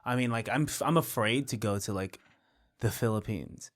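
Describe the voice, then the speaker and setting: A man hosts a relaxed podcast chat in an ordinary mid-range voice. He asks curious questions and jokes lightly with his guests, keeping the talk loose. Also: medium pitch. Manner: curious, playful, quick to ask questions. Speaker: podcast host. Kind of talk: casual chat.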